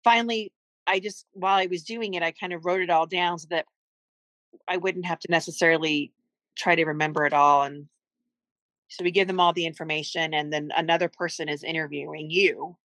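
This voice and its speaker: A woman's voice: lowish voice, steady tone, brisk, a bit bright, no room sound, low-quality recording. A middle-aged woman, a mother appearing as a podcast guest, recounting a family story in earnest, heartfelt conversation.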